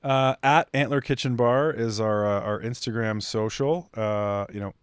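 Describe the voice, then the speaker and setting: A man, a chef guest on a podcast, telling stories casually with lots of fillers, getting animated when annoyed. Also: fairly low pitch, measured pace, clean tone, no room sound, clean studio sound. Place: podcast studio.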